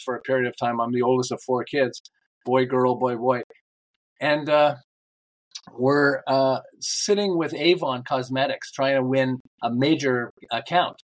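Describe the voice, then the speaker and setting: Animated older man telling sales stories. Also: a little high. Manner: animated storyteller acting out quoted lines. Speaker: guest, book author. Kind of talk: storytelling in a podcast interview.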